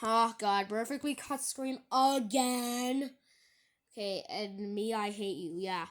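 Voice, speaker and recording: A woman talking casually in a video, reading out online comments and scoffing at them in halting, rambling sentences. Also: on the high side. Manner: halting, rambling, with many restarts. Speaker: YouTuber.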